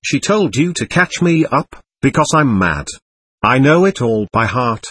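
A man reading an irritable, contemptuous young man in a storybook, with a husky, lively voice. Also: medium pitch, unhurried, exaggerated voice. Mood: bitter.

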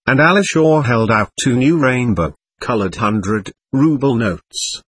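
A man narrating a novel in a measured, expressive reading. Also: mid-range voice, slightly rough, no echo. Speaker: audiobook narrator. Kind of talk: scripted narration.

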